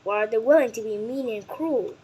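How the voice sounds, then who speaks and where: A woman whose first language is Vietnamese reads a children's nonfiction book aloud in English, carefully and deliberately, sometimes stumbling and correcting herself. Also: fairly high pitch, dark tone, breathy edge, low-quality recording.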